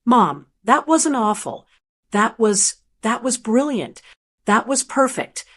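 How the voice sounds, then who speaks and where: A woman's voice: a little high, sing-song, takes it slowly, fairly bright tone, breathy edge, full character voice. A woman narrator voicing an adult daughter on the phone, urgent and emphatic. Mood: fierce.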